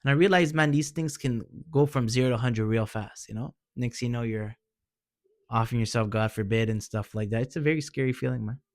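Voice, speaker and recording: A man in a mid-pitched voice talks straight to the listener in an easygoing, earnest way, full of slang and encouragement. His voice is recorded dry and close, with no room sound around it. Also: brisk, no echo. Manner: informal, peppers speech with "man" and "bro". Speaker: vlogger sharing personal experience. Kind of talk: casual heartfelt advice talk.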